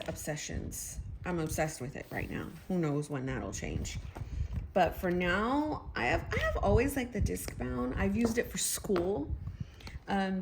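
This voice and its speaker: A woman in her thirties chatting casually at home about her planner, excitable and talking to herself as she goes. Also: fairly low pitch, noisy background. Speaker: planner vlogger. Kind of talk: casual chat.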